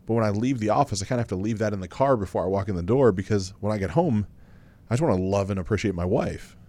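A man's voice: lowish voice, animated, quick pace, mellow. A man co-hosting a podcast with his wife, talking bluntly and casually, owning his faults and swearing now and then. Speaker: podcast co-host.

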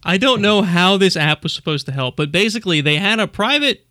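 A man's voice: sits high, expressive, fairly quick, sharp tone, dry recording, studio quality. A man hosting a podcast in casual chat, rambling through stories and laughing often. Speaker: podcast host.

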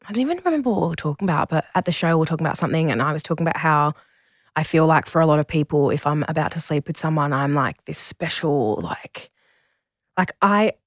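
A young woman chatting as a podcast guest, animated and quick to act out what people said. Her voice is fairly low for a woman and recorded close and dry. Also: dry recording. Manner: animated storyteller, acts out quotes in voices. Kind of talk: casual conversation.

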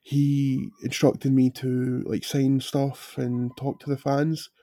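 A man with a dark, mellow voice and a flat, even delivery. He speaks haltingly on a podcast, stacking fillers and restarts, and the sound is dry and close. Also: medium pitch, no room sound. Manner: hesitant, halting, lots of fillers. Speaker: podcast guest, wrestler. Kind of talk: casual podcast chat.

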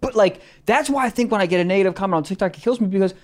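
A man's voice: high voice, racing. A man co-hosting a podcast in casual chat, ranting in a profane, fired-up way. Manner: rants with rising outrage, profane. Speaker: podcast co-host.

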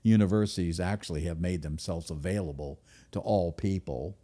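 A man giving a speech to an audience, emphatic, with sudden loud stresses and drops to a near-whisper. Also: low-pitched, moderate pace. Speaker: speaker.

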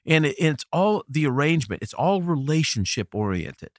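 A man's voice: fairly high pitch, normal speed, dry recording, clean studio sound. A middle-aged man from the United States, a record producer telling stories in a casual interview, laughing easily and restarting his sentences. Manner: animated, laughing storyteller with many restarts.

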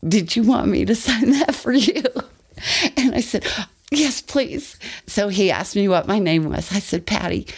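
An older woman from Colorado telling a personal story in an animated way, acting out the quotes. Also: fairly low pitch. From Colorado, USA. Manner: lively, animated retelling with acted quotes. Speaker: storyteller guest.

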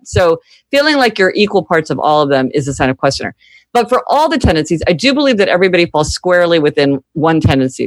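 A woman guest expert explaining ideas in a podcast interview, articulate, acting out quoted people in lively voices. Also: fairly low pitch, no echo.

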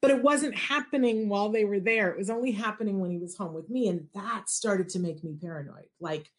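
A woman telling a personal story as a parent, animated and acting out the quoted dialogue. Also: medium pitch, brisk.

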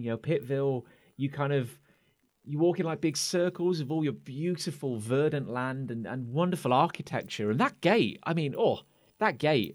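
A man doing a pushy, chummy knight. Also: mid-range voice. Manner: overfamiliar, wheedling.

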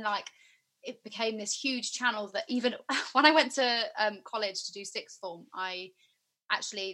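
A woman's voice: medium pitch, pushed and bright. A young woman in her twenties chatting as an interview guest, rambling with many fillers. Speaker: guest musician and actor. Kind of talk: casual interview chat.

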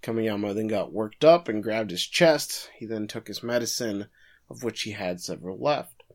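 A man co-hosting a casual podcast, recapping plot events at length and breaking in with quick quips. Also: fairly low pitch. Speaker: podcast co-host recapping an anime episode. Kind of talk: casual chat.

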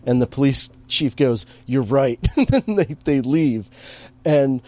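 A man's voice: mid-range voice, animated, unhurried, warm tone, no room sound. A man in casual chat, recapping a movie with lots of fillers and restarts and an amused tone. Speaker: podcast co-host recapping a movie.

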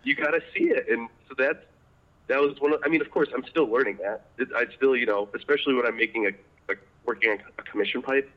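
A man chatting as a podcast guest, animated and laughing often as he tells his story. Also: medium pitch, quick pace, lo-fi sound. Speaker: podcast guest, apprentice pipe maker. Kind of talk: casual interview chat.

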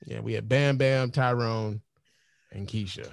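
A man's voice: mid-range voice, steady tone, a little slow, vocal fry. A man, chatting casually in a laid-back, profane way. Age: 40s. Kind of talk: casual chat.

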